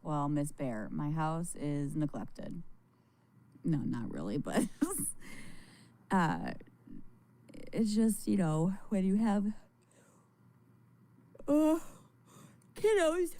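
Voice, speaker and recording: A woman's voice: sits low, sing-song, extremely slow, long pauses, warm tone, dry recording. A tired woman livestreaming, chatting with viewers in a rambling, frank way. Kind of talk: casual livestream chat.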